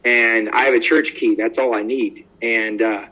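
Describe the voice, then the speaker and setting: Husky-voiced evangelist telling stories. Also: male voice, mid-range voice, unhurried, low-quality recording. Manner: lively storyteller acting out quoted dialogue; bold and outspoken. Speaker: evangelist guest. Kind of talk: conversational podcast interview.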